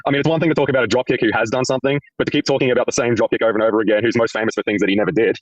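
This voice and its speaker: A man's voice: mid-range voice, fairly even intonation, rapid-fire, dry recording. A man talking casually and dismissively in a replayed clip. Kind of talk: casual talk, played clip. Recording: dull, dry played-back audio.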